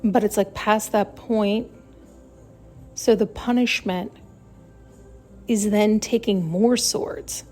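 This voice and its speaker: A woman's voice: medium pitch, fairly even intonation, slow pace, pauses often, dark tone, soft background music. A woman hosting a solo spiritual podcast, talking in a searching, emphatic way and now and then acting out the voices she quotes. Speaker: podcast host.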